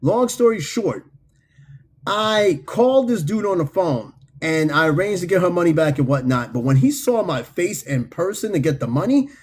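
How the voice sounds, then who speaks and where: A man with a New York City accent hosts a casual livestream, reading viewer comments aloud in an animated, profane way and laughing often. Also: high voice, moderate pace, a little hiss or hum. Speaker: host.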